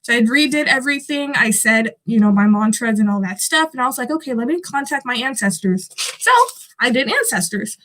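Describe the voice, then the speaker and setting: A young woman talks straight to camera in a loose, rambling vlog chat, her voice sitting high. She drops swear words freely and keeps a skeptical, offhand edge as she goes. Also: brisk, a bit bright. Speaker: vlogger. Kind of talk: casual chat.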